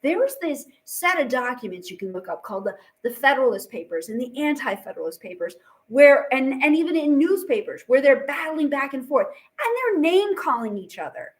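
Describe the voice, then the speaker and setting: High-voiced chatty woman teacher. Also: sing-song, fairly quick. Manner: chatty, acts out quotes with fillers. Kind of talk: casual classroom lecture.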